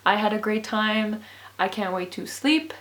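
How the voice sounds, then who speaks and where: A woman's voice: medium pitch, animated, a little slow, fairly bright tone. A sleepy, exhausted young woman chatting casually in a book vlog, rambling with lots of "like" and frequent laughs. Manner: rambling, filler-heavy, laughs often. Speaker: book vlogger.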